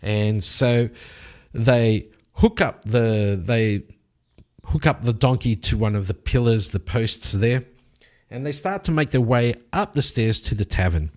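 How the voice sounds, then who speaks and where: A man's voice: mid-range voice, a little slow, a little mellow. A man narrating a solo tabletop game in a casual, rambling way, often correcting himself.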